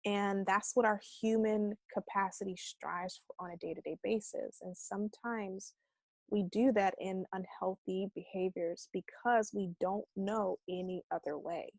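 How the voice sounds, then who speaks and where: Woman, self-love coach; casual and expressive, mid-pitched, dry close recording. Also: unhurried, no echo. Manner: animated and expressive, acting out quoted voices; casual speech with mild swearing. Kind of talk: casual conversational teaching.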